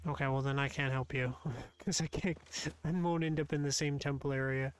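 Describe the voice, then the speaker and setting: A male streamer chatting casually while playing a game, quick to laugh and talking to his viewers. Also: mid-range voice, steady tone, clean tone. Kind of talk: casual gaming stream chat.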